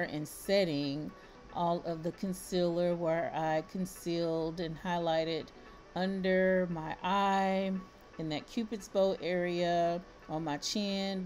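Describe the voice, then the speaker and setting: A woman's voice: lowish voice, a little mellow. A middle-aged woman, chatting casually through a makeup tutorial and laughing often. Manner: chatty, laughs often, addresses viewers as y'all. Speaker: beauty vlogger.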